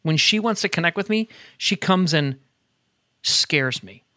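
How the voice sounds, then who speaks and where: A middle-aged man co-hosting a casual faith podcast, an animated storyteller who talks in quick bursts and laughs often. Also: on the high side, no room sound, studio quality. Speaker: podcast co-host. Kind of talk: casual chat. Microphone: headset earbuds at a desk.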